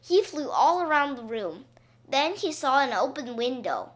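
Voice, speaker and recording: A woman reading a children's story aloud, slowly and expressively. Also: high voice. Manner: slow, expressive read-aloud.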